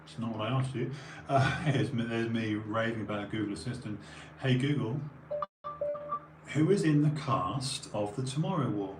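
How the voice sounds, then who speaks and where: Talking at a moderate pace with music in the background, this mid-range male voice wanders casually through a stream, restarting and digressing. He sounds tired and has a runny nose, and the echoey room carries faint background noise.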